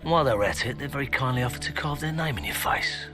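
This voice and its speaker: An actor playing a gruff, menacing middle-aged cop, heard in a film clip. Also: male voice, expressive, fast talker, natural voice. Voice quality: gravelly, low. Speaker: film character, a hard-bitten London cop. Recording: film clip with music behind.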